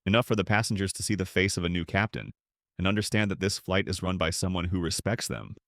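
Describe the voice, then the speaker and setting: A steady airline captain, read by a man. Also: sits low, quick pace, dry recording, clean studio sound. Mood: earnest.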